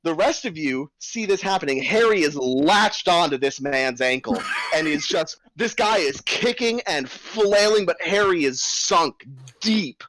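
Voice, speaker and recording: A man narrating a tabletop game as game master, telling the scene vividly with quick restarts. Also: on the high side, dry recording. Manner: animated, vivid storytelling with hesitant restarts.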